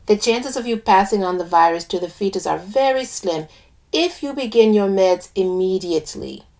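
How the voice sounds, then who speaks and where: A woman's voice: medium pitch, expressive, moderate pace, darkish tone, close to an everyday voice. A woman voicing a shrewd older female nurse with a lilting West Indian accent, asking clipped clinical questions in a story reading. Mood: brisk clinical. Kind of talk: audio drama reading.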